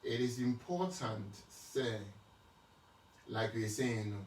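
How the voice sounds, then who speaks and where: A man's voice: mid-range voice, expressive, slow pace, a little hiss or hum. A man with a Ghanaian accent giving a casual Christian teaching talk on marriage, switching between Twi and English with many restarts and repeated words. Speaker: speaker answering marriage questions. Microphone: distant from the mic. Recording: echoey room, speaker far from the mic.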